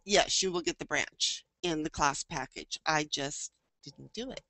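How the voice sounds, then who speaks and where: Bright-voiced woman giving a chatty online painting lesson, dry close sound. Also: sits low, unhurried, no echo. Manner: chatty, thinking aloud. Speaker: painting teacher. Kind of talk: live online painting demo.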